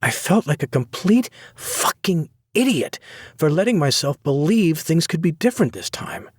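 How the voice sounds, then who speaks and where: A man's voice: medium pitch, animated, moderate pace, darkish tone, breathy edge, no echo, studio quality, voice pushed up. A man voicing a hurt, furious young woman in an audiobook, pleading and near tears. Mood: bitter. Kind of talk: audiobook character voice.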